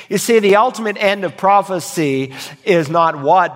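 A man delivers a sermon from the pulpit, his voice sitting a little high for a man. He swings between forceful, ringing emphasis and hushed asides. The sound trails off in the long reverb of a big hall. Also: expressive, moderate pace. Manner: preaching with dramatic swings in volume and emphasis. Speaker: pastor.

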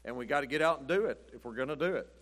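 A man's voice: medium pitch, animated, very fast, fairly bright tone. A man preaching a sermon in a folksy, rambling storytelling way, chuckling often. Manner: rambling, chuckling, says "but anyway" often.

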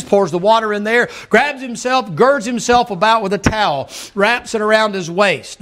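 A man preaching a sermon in a folksy manner, acting out voices and rising to emphatic shouts. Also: high voice.

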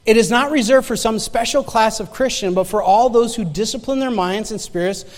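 A man's voice: sits high, fairly quick. A man preaching a sermon and sharing his own story in a loose, conversational way, often stumbling over and repeating his words. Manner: conversational, stammering restarts, repeats phrases for emphasis. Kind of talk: sermon with personal testimony. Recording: long hall reverb.

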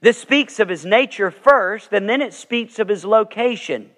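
A man's voice: sits high, lively intonation, unhurried, a bit bright. A man preaching a sermon as pastor, telling stories earnestly and swelling with emphasis. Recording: long reverb of a large sanctuary.

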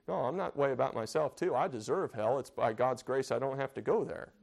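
A man teaches a church Bible study in an earnest, conversational manner. He circles back on his phrases and keeps putting questions to the room. His voice sits at an ordinary middle pitch. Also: animated, a little fast, vocal fry, a little mellow.

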